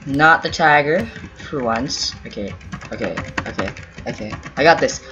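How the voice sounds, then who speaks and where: A man's voice: mid-range voice, animated, normal speed, bright, forceful tone. A man giving casual, rambling commentary over his own gameplay, talking to himself and pleading with other players, with keyboard typing behind him. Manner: rambling, self-talk, pleading and teasing. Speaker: gaming YouTuber. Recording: dull lo-fi audio with faint game music. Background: keyboard typing and faint music.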